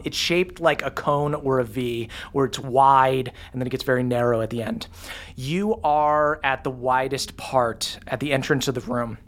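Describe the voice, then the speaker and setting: Laid-back tabletop game master. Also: mid-range voice. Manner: descriptive, relaxed narration with fillers.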